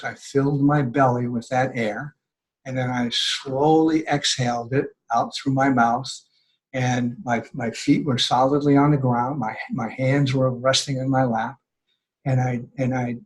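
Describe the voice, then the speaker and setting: An older man, a guest on a podcast, talks in an earnest, conversational way as he explains his advice. His voice sits in a middle pitch and now and then he acts out what people say in livelier tones. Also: low-quality recording.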